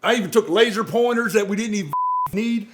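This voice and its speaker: A man's voice: sits high, fairly quick, noisy background. A middle-aged man, a veteran co-host, telling war stories in casual chat and acting out the dialogue in a raised voice. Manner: animated, profane, acts out dialogue in raised voice. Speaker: podcast co-host, Marine veteran.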